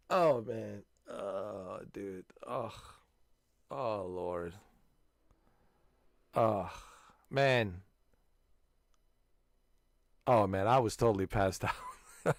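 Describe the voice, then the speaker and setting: A man hosting a gaming channel, loudly swapping stories with friends and breaking into frequent laughter and exclamations. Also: on the low side, extremely slow, gravelly, long pauses, dry recording, studio quality. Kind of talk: casual chat with friends.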